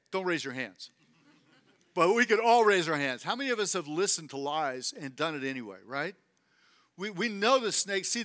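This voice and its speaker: A man with a high-pitched voice preaches animatedly as a guest speaker. He leans on repeated phrases for emphasis and calls for the congregation's response.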